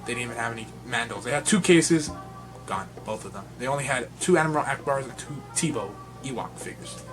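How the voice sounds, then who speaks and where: A young man vlogging about toy collecting, telling a rambling, excitable story and laughing often. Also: mid-range voice, fairly quick, over music. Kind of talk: casual vlog storytelling.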